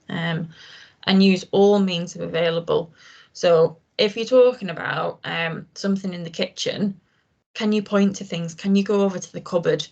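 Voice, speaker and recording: Casting: woman trainer, low-pitched with some gravel, informal and explanatory, hesitant fillers. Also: lo-fi sound. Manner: informal, explanatory, frequent ums and restarts. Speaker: communication skills trainer. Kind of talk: online training session.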